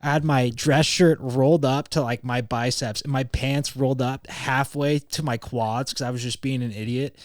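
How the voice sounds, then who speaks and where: A young man from California rambles through a story in a loose, profane podcast chat, quoting people as he goes. His voice sits at an ordinary pitch for a man. It is recorded close and dry, with no room sound. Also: fairly even intonation, normal speed, few pauses, no echo. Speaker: podcast host.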